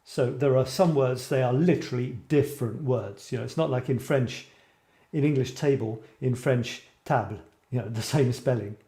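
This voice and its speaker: A man's voice: medium pitch, moderate pace, mellow. Rambling, chatty Scottish-born man in an echoey room. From Scotland. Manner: rambling, self-interrupting, chatty with viewers. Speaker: host of a creative writing show. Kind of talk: casual live-stream chat.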